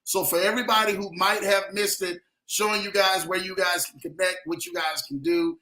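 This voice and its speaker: Calling viewers out by name and repeating phrases, this male livestream host keeps the talk upbeat and hyped. His voice sits high with a level tone, moves a little fast and sounds pushed and bright, in a recording with roomy echo.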